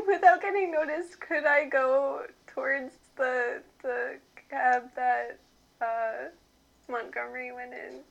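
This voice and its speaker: A woman's voice: high-pitched, steady tone, slow pace, gravelly. A woman player in a tabletop game who laughs a lot and hesitates when she talks. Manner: giggly, hesitant. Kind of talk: casual tabletop game play.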